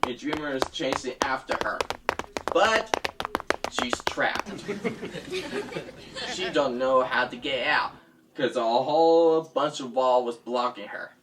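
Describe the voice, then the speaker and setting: A storyteller narrating a homemade toy adventure in a slow, dramatic way with gasps. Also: medium pitch. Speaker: storyteller with toys. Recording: noisy home recording with clicks.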